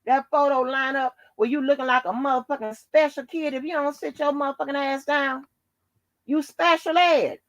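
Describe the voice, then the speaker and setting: A woman's voice: high voice, fairly even intonation, moderate pace, no room sound. A woman hosting her own channel, delivering a heated, profanity-laden rant full of taunts and insults. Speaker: channel host. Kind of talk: angry profane rant to the camera.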